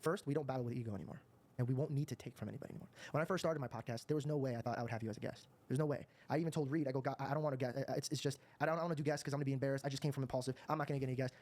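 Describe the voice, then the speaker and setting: A man's voice: medium pitch, steady tone, rapid-fire, a little mellow. A man hosting a podcast interview, telling an earnest personal story. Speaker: podcast host. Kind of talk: interview conversation.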